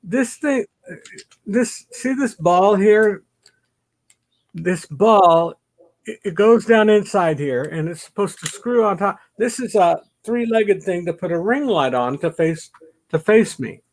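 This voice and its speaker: A middle-aged YouTube host talks casually to the camera from his home basement, rambling, poking fun at himself, and muttering under his breath. His voice sits high and is expressive, and he speaks slowly.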